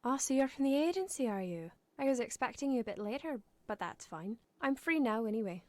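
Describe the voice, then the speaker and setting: A woman's voice: on the high side, very animated, a little fast, a little mellow, dry recording. An actress playing a polite young mother who is a little wary of her visitors.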